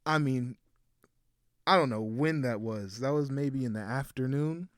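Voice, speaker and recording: A man's voice: mid-range voice, unhurried, no echo, clean studio sound. A young man co-hosting a podcast, telling a story casually and acting out the voices of the people in it. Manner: animated storyteller, acts out quotes in varied voices. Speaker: podcast co-host.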